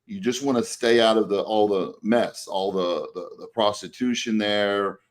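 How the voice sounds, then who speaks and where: A man's voice: on the low side, fairly even intonation, normal speed. A male podcast co-host casually telling a long story, rambling with many fillers and restarts.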